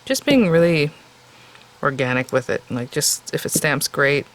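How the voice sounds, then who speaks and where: This is a woman with a low-pitched, sing-song voice speaking at a measured pace, recorded with poor audio quality. She's showing how to make cards in an informal crafting tutorial, chatting and thinking aloud while she works, and her voice is growing a little tired.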